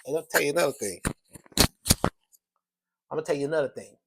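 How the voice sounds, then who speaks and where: A man's voice: fairly high pitch, animated, quick pace, gravelly, heavy background noise. Emphatic man delivering a rambling monologue. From United States. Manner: emphatic, repetitive, rambling with restarts. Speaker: show host. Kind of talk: opinionated solo monologue.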